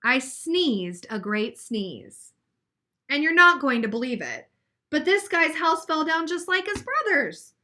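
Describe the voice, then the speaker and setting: A woman reading aloud as a sly, smooth-talking male wolf telling his side of a storybook tale. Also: very high voice, sing-song, normal speed, bright, forceful tone, pitched above the performer's own voice, heavily acted. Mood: wry.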